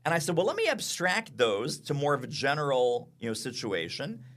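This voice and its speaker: Upbeat guy on a podcast, bright voice, pitch bouncing all over, acts out client quotes. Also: sing-song, fairly quick. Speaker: sales consultant and author, podcast guest. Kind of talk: animated interview talk.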